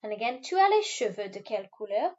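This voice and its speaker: A woman teacher giving a recorded French lesson, patiently modelling words slowly for pupils to repeat. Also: fairly high pitch, big pitch swings, a little mellow. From Wales. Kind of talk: recorded classroom video lesson. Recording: slightly dull, lo-fi recording.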